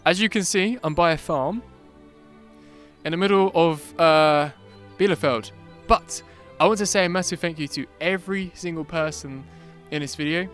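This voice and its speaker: A chatty man from Britain speaks to camera outdoors in a casual vlog. His voice sits a bit high for a man, with faint music under it. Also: normal speed, a bit bright. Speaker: vlogger interviewing people on the street. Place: outdoors by a farm.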